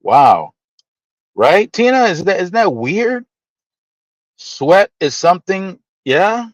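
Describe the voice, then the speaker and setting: A man hosting a live stream, chatting casually with viewers and teasing them in playful, animated asides. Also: high voice, takes it slowly, no room sound. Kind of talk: casual chat reading viewer comments.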